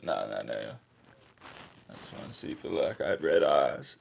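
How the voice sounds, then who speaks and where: Low-voiced dejected man, close to tears. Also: vocal fry, a little hiss or hum. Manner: dejected, sighing, halting and repetitive. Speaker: sports YouTuber. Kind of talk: emotional reaction vlog.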